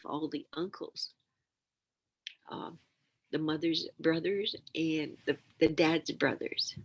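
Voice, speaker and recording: An older woman sharing teachings as a storyteller, acting out the quiet hushing sounds and coaxing calls in her stories. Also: sits low, husky, rough recording. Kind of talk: storytelling talk.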